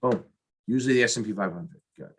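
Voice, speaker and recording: A man's voice: on the low side, fast, husky. A middle-aged man tutoring for an exam, talking through practice questions aloud in a jokey, self-mocking way. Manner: jokey, self-mocking, talks to himself while solving.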